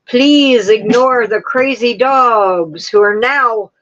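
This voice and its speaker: Slow-talking woman chatting on a home livestream. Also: fairly high pitch, a bit bright, highs cut off. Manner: chatty, often breaking off to scold her dogs. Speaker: crochet livestream host. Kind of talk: casual livestream chat. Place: home, with dogs nearby. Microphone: camera on a tripod.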